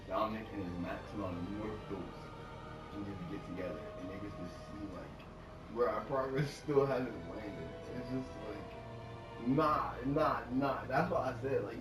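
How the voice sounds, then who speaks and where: A man chatting casually while he games, telling animated stories, swearing freely and laughing often. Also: medium pitch, recorded from a distance. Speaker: gaming streamer. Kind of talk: casual rambling chat while gaming. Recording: echoey room, off-mic, with music playing.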